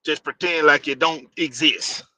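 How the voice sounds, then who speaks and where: A man's voice: fairly high pitch, fairly even intonation, a little slow, pushed and bright, dry recording. A man hosting a casual live stream, rambling loosely and greeting viewers by name.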